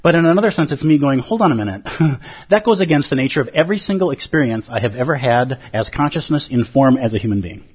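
A man giving a lively, playful dharma talk as a Zen teacher, acting out inner voices. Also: medium pitch, quick pace, slightly rough, lo-fi sound.

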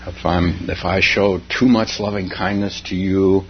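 A man giving an informal dharma talk as a meditation teacher, speaking haltingly, with restarts and chuckles. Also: sits low, fairly even intonation. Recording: dull lo-fi with faint hum.

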